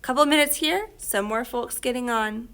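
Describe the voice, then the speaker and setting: A woman voicing a gruff male bus driver who growls through his teeth. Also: fairly high pitch, moderate pace, fairly bright tone, voice pushed up.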